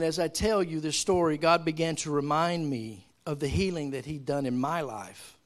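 A male pastor in the middle of a sermon, his voice sitting a little higher than most men's. He tells a story in an even, steady way and then rises into loud, emphatic preaching.

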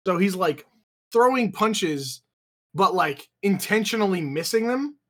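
Young male podcast co-host on a video call: loose, profane storyteller, a touch high-pitched. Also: animated, measured pace. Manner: rambling, profane, heavy use of filler "like". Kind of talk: casual chat.

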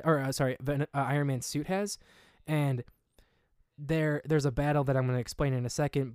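A man co-hosting a casual podcast, retelling a story in an animated way, full of fillers and restarts. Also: medium pitch, smooth, no room sound, studio quality. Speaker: podcast co-host. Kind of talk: casual chat.

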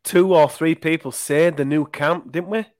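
A man co-hosts a casual podcast chat, spinning long anecdotes and slipping into the voices of the people in them. His voice sits a touch high for a man. The sound is close and dry, with no room around it. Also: steady tone, moderate pace, darkish tone, dry recording. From Leeds. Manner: chatty anecdotal storyteller, acts out quotes. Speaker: podcast co-host.

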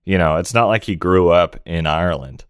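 Male podcast co-host, deep smooth voice, dry close sound, jokey deadpan. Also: dry recording. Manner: jokey, deadpan asides, quick to correct facts. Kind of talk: casual film review chat.

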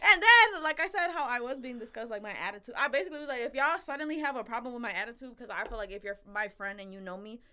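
A woman's voice: fairly high pitch, quick pace, few pauses, pushed and bright, clear, resonant tone. A woman co-hosting a podcast, telling a story in casual chat, blunt and profane, acting out the lines of the people in it. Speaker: podcast co-host.

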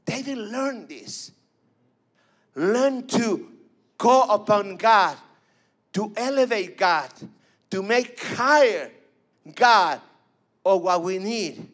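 A man's voice: sits high, expressive, takes it slowly, pauses often, fairly bright tone. A man preaching a fervent sermon, repeating phrases and calling for responses.

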